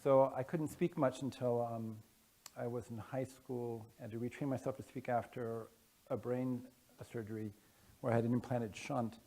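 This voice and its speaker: A man with a gravelly, creaky voice talks casually to a conference audience. He speaks haltingly, stopping often on fillers and restarting his sentences. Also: medium pitch, fairly even intonation, dark tone. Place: conference room. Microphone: wearing headphones with a masking device.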